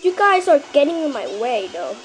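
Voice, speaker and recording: A woman giving live commentary over her own gameplay, excitable and panicky, repeating herself and shouting countdowns when the clock runs down. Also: high-pitched, noisy background. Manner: repeats phrases rapidly under pressure. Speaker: gaming channel host.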